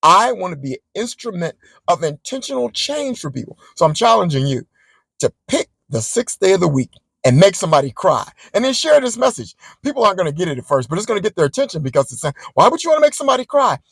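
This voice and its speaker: A man vlogging, chatting straight to his viewers as he tells a story in a casual, animated way. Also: high voice, fast, creaky, slightly rough, no echo, rough recording.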